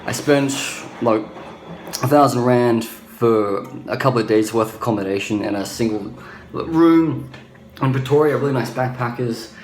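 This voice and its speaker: A man's voice: medium pitch, normal speed, a little mellow, a little hiss or hum. Blunt ranting man in an echoey room. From Australia. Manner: blunt, ranting, restarts often. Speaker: travel vlogger. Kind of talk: casual travel vlog.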